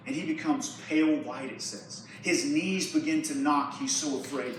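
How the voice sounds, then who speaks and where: A young man preaches to a youth group and retells a Bible story casually. His voice sits a little high. It booms around a large echoey hall, picked up from far off, with faint room noise behind it. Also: normal speed. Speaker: youth pastor. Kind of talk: sermon. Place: church hall.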